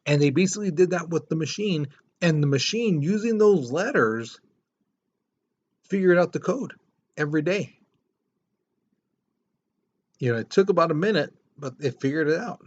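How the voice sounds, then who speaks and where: A man's voice: fairly high pitch, lively intonation, moderate pace, pauses often. A man teaching a history lesson in a casual, conversational way, often repeating words as he explains. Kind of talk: classroom lecture. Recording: slightly dull lo-fi recording.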